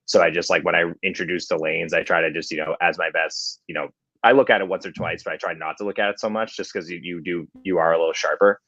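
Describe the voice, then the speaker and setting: A man's voice: low voice, steady tone, fast, a bit bright, no room sound, lo-fi sound. A man who works as a competition MC and coach, chatting casually with many fillers and restarts. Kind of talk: casual podcast chat.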